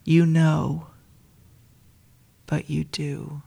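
A woman telling a personal story to listeners she calls dear friends, in a soft, intimate way that often drops to a whisper. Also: sits low, little pitch movement, very slow, gravelly, breathy edge.

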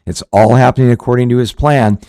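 Speaking fast in a medium-pitched voice with a dark, clean tone, a pastor hosts a show of conversational Bible teaching. He's earnest and rambling, restarting and using fillers often, and the sound is dry and close with no echo.

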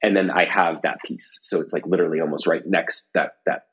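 A man's voice: low voice, steady tone, a little fast, husky, low-quality recording. A middle-aged man chatting casually from a room at home as a podcast guest, rambling with many fillers and restarts. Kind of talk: casual conversation.

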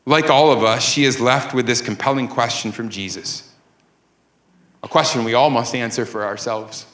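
A man's voice: mid-range voice, normal speed, fairly bright tone. A man preaching a sermon as pastor, emphatic, with rising and falling cadence. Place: church sanctuary. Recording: echoey church room.

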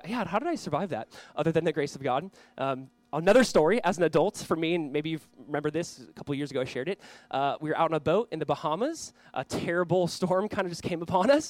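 Earnest pastor with a dry close sound. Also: male voice, high-pitched, dry recording. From Southern California. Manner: earnest, conversational, swings from loud reading to quiet prayer; storytelling with self-deprecating asides. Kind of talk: sermon.

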